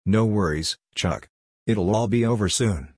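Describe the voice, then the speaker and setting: A calm, smug police detective, voiced by a man reading a story, who speaks slowly and knowingly. The voice sits low with a slight husk. The recording is dry and close. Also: breathy edge, no room sound.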